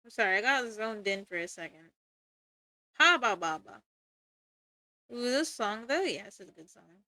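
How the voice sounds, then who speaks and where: Giggly, bright-voiced young woman streamer. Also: medium pitch, lively intonation, a little fast, no echo. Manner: giggly, rambling, swears casually. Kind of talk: casual chat while drawing on stream.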